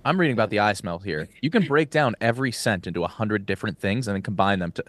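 Low quick guy on a podcast, blunt jokey chat, dry close sound. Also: lively intonation, fairly bright tone, dry recording. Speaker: podcast co-host. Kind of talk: casual chat.

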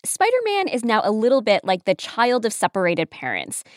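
A woman giving scripted podcast narration in a polished, expressive storytelling manner. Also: on the high side, moderate pace, dry recording, clean studio sound.

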